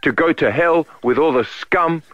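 A man's voice: fairly high pitch, moderate pace, fairly bright tone, natural voice. A man playing a smug, self-righteous celebrity who demands money in a parody scam phone call. He speaks in a mock-solemn comedy sketch.

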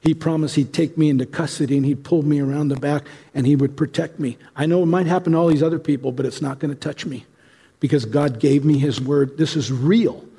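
A man's voice: a little high, steady tone, a little fast, dark tone, slightly rough, in a large hall. A man preaching a sermon in an urgent, pleading, conversational way. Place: large church hall.

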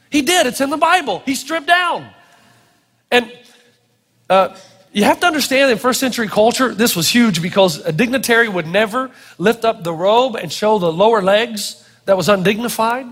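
A man preaching a sermon, animated and playful, acting out quotes as he goes. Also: very high voice, slightly rough, big-room sound. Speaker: pastor. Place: church hall with audience.

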